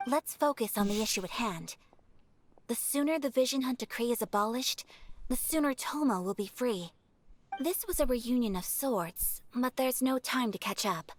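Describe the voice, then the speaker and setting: A man voicing a calm, calculating noble strategist in a game, measured and composed. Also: extremely high pitch.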